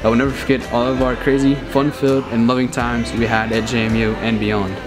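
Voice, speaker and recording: A man's voice: medium pitch, level tone, fairly quick. A young man in his twenties, a groom, reading a love letter and his wedding vows in a tender, earnest way. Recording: with music playing over it.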